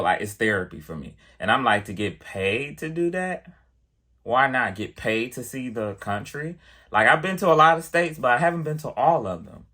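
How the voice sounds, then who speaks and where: A man vlogging, chatty and animated as he tells a personal story to the camera, full of casual fillers. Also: fairly low pitch. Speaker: vlogger and piano teacher.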